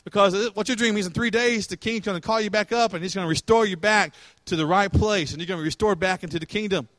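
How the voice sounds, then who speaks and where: A man's voice: sits high, fast, fairly bright tone, no room sound. A man doing a cheerful young prisoner. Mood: encouraging.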